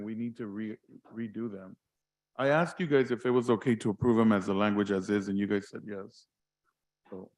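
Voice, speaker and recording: Board president guy running the meeting, gravelly voice, laid back, laughs a lot. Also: mid-range voice, darkish tone. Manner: casual, laughs easily, restarts sentences. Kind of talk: chairing a public meeting.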